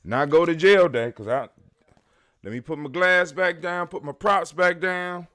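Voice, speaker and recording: A man's voice: on the high side, a little slow. Laid-back man hosting a live stream. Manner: laid-back, teasing, talks straight to viewers. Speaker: live show host. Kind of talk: casual live-stream chat. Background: loud hip hop music.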